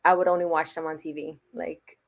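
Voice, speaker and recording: A woman with a slightly low voice answers interview questions with eager energy. She chats loosely, laughs often and sprinkles "like" through her sentences. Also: level tone, a little fast. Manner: enthusiastic, laughs often, fills with "like". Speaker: interview guest, wrestling fan. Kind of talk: casual interview chat.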